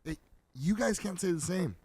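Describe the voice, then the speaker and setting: An American man co-hosting a podcast, mocking and animated in casual comedic banter. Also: high voice, fairly quick, a little hiss or hum. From United States. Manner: animated, mocking, loud bursts. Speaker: podcast co-host.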